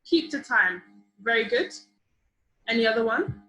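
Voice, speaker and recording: A young woman leading a public speaking workshop over a video call, lively and encouraging, often asking the group questions. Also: fairly high pitch, a little slow. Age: young adult. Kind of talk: online seminar teaching. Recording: roomy video call audio.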